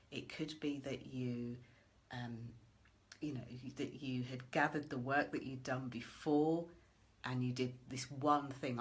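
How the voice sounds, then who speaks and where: Low-pitched woman talking you thru a goal visualization, soft and coaxing. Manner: gentle, coaxing, asks many questions. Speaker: motivational coach. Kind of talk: guided visualization talk.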